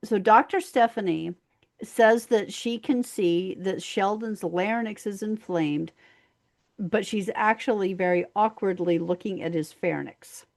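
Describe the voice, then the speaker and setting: A woman co-hosting a podcast, chiming in with corrections and quick agreement while recapping an episode. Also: mid-range voice. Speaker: podcast co-host. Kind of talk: casual chat recapping an episode.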